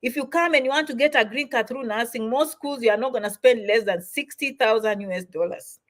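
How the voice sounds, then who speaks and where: A woman's voice: fairly high pitch, brisk. A middle-aged woman hosting a livestream question-and-answer chat, repeating herself as she encourages viewers. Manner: repetitive, encouraging, emphatic. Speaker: host answering viewer comments.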